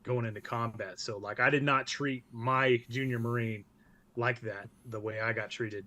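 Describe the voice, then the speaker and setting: A man's voice: medium pitch, steady tone, moderate pace, bright, forceful tone. A man, a military veteran, telling war stories as a podcast guest in a blunt, profane way. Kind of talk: casual podcast interview.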